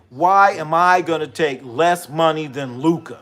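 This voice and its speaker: Livestream host, male, slightly high voice, slow animated banter with chat. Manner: animated, joking, rhetorical questions. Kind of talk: casual livestream chat reacting to viewers.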